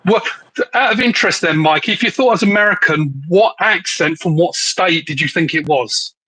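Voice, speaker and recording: Bright-voiced joking Englishman. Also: high voice, moderate pace, breathy edge, low-quality recording. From England. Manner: joking, rambling, says "like" often. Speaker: livestream co-host. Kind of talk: casual live chat.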